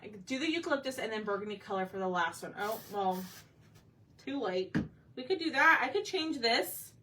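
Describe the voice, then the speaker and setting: Bright-voiced woman painting live. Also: fairly high pitch, lively intonation, moderate pace. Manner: chatty, thinks aloud, asks viewers for input. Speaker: craft painting host. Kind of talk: casual live painting chat. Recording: slightly distant mic with faint background noise.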